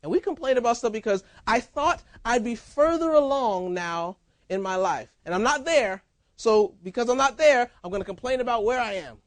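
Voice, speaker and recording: A man preaching a sermon as pastor, in a lively, conversational style with casual banter. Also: very high voice, normal speed, no room sound. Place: church.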